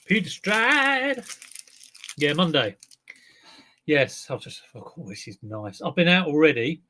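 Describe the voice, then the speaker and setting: A man's voice: fairly high pitch, animated, measured pace, a bit bright, a little hiss or hum. A man chatting casually on his live stream as a clothes reseller, self-mocking, humming along and talking while he eats. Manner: chatty, self-mocking, breaks into song and talks while eating.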